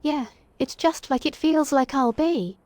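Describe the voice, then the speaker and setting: A woman's voice: high-pitched, unhurried, darkish tone, no echo. A woman streamer, still a little sick, playfully reading chat messages aloud in casual livestream talk.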